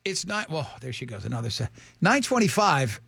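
Man, radio host, high gravelly voice, dry close sound, teasing quiz patter. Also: big pitch swings, brisk, bright, forceful tone, no echo. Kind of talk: morning radio banter.

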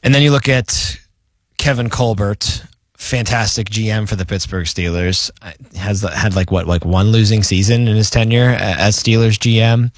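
A man's voice: on the low side, steady tone, moderate pace, no echo. A man co-hosting a casual sports podcast, talking in a conversational way with fillers and self-corrections. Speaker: podcast co-host.

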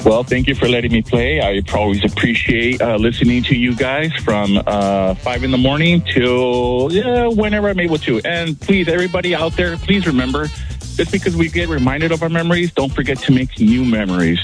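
A man's voice: mid-range voice, lively intonation, brisk, soft background music. A man calling into a radio show as a quiz contestant, friendly and earnest. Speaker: contest caller. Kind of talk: casual chat.

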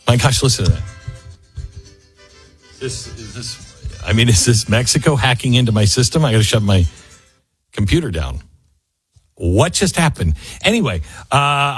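A man delivers casual political commentary, drifting into sardonic asides as he goes. His voice has a husky, slightly breathy grain. The sound is dry and close, with no room around it. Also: lowish voice, a bit bright, no room sound.

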